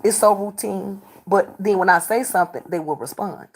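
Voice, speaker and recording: A combative woman on a livestream, calling out her chat again and again. She scolds and repeats herself, with an everyday pitch that sits in the middle of the range. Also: moderate pace. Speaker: livestreamer doing readings. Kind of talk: confrontational livestream talk to chat.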